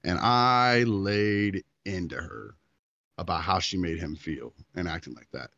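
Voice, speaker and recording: A man's voice: sits low, measured pace, bright, forceful tone, no echo, dull audio. A man in his thirties, a podcast co-host, telling a long story in casual chat and acting out the quotes.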